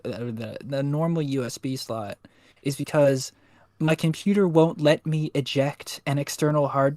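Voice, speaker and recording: A man's voice: fairly high pitch, darkish tone, dry recording, clean studio sound. A young man chatting casually on a livestream, rambling and swearing with self-mocking humor. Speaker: co-host. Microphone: USB desk microphone.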